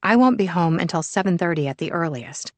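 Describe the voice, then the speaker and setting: Woman reading an audiobook, lowish voice, calm and steady, super dry close mic. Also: no echo. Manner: measured, even storytelling. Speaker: audiobook narrator. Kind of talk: first-person audiobook narration.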